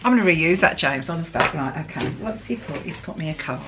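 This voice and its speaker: A middle-aged English woman from the UK, chatting warmly and emotionally as she opens a parcel for her vlog. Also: low-pitched, animated, brisk, background noise. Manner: chatty, gushing, emotional, laughs often. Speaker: vlogger. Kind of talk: casual chat while opening a parcel.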